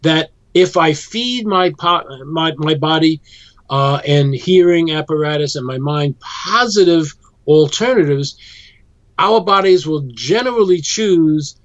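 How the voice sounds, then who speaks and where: A man being interviewed as a guest musician, explaining his ideas in a measured way. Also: a little high, fairly bright tone, no echo, dull audio. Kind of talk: interview conversation.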